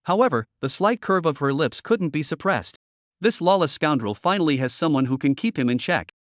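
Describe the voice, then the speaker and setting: Male recap narrator, pitched a little high, animated, dry close mic. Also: brisk, dry recording. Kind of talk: scripted narration.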